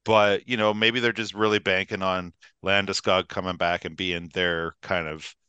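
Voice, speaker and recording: Man, lower-pitched bright voice, clear and dry, rambling casual hockey co-host on college radio. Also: level tone, moderate pace, no room sound, highs cut off. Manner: rambling, laid-back, many fillers and restarts. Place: radio studio.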